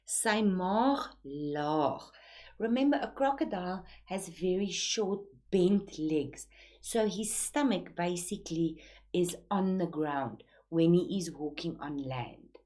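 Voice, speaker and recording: A woman, teaching a poem, explaining it slowly and deliberately while switching between two languages. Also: fairly low pitch, lively intonation, warm tone.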